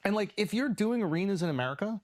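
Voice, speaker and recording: A comedian talking bluntly in casual podcast chat, swearing freely. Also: male voice, high-pitched, expressive. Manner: blunt, profane, rapid-fire.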